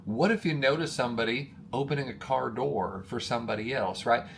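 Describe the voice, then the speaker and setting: A man giving an energetic, emphatic motivational talk to camera as a coach, calling his listeners friends and getting worked up. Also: mid-range voice, fairly quick, gravelly, soft background music.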